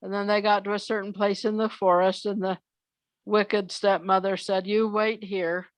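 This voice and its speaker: An older woman telling children's fairy tales from memory, unhurried, often pausing on "uh". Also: mid-range voice, level tone, no room sound. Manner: unhurried, with frequent "uh" pauses. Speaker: storyteller.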